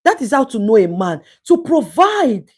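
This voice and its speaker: A woman's voice: on the high side, sing-song, moderate pace, a little mellow, slightly rough. Emphatic Nigerian woman streaming live. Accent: Nigerian English. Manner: emphatic and preachy, repeating words for stress. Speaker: livestream host reading viewer comments. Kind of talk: casual live-stream talk.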